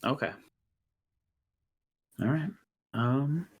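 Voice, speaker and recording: A man's voice: mid-range voice, drawn-out words, breathy edge. A man playing a tabletop game, speaking hesitantly and thinking aloud. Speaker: player.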